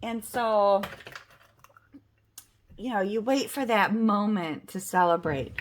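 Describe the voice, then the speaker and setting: A woman vlogging at home, telling a self-mocking story in a chatty, animated way while playing a game. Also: medium pitch, takes it slowly. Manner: chatty, self-mocking, animated storyteller who acts out the other people's lines. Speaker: budget and game-night vlogger.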